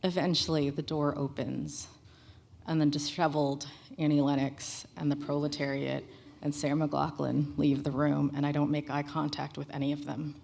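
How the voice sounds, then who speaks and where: A woman's voice: low voice, flat delivery, normal speed, gravelly, darkish tone. A woman telling a candid first-person story on stage at a live storytelling show, in a plain conversational way. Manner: candid, conversational, matter-of-fact.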